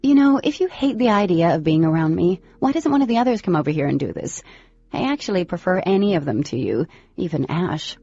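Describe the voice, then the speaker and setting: A woman voicing a defiant teenage girl who snaps back in loud, indignant retorts. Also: lowish voice, lively intonation, normal speed, dry recording. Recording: slightly lo-fi with faint music.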